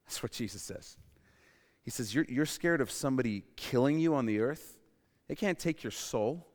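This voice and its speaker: Male pastor, mid-pitched, preaching with big swings from loud to hushed, in a reverberant hall. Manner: calls for audience response. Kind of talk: sermon.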